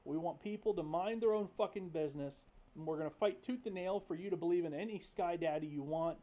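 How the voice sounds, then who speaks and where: A young man hosts a casual livestream, talking candidly and swearing freely as he rambles through stories full of fillers. His voice sits high yet sounds mellow and warm. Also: fairly quick. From North Carolina. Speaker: livestream host.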